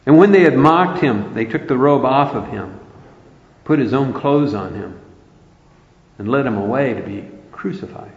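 A man's voice: medium pitch, lively intonation, normal speed, creaky. A man preaching a sermon, earnest and emphatic, quoting scripture throughout. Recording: roomy, dull lo-fi hall recording.

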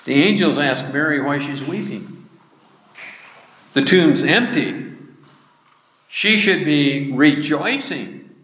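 A man preaching a sermon, slowly retelling a scripture passage. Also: on the high side, expressive, a bit bright. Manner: slow, measured retelling of scripture with quoted speech. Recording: echoey hall with long reverb.

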